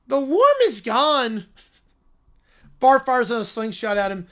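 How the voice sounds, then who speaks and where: A woman's voice: fairly high pitch, slow, pauses often. A woman streamer narrating a comedic story game in a playful, chuckling way.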